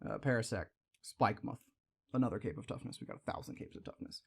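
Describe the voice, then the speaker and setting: A man's voice: medium pitch, animated, quick pace. A young man hosting a card-opening video, rambling in casual asides and exclaiming over shiny pulls. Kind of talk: casual pack-opening chat.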